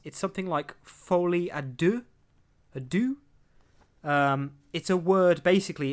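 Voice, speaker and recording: A young man hosting a podcast, rambling through entertainment news with lots of laughs and acted-out quotes. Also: fairly high pitch. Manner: rambling, chatty, laughs often, acts out quotes. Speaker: podcast host. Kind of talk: casual chat, reading entertainment news.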